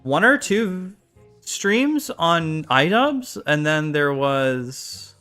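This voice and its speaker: A man's voice: fairly high pitch, very animated, extremely slow, sharp tone, soft background music. A British man rambling casually while reacting to clips on a live stream, often unsure and trailing off.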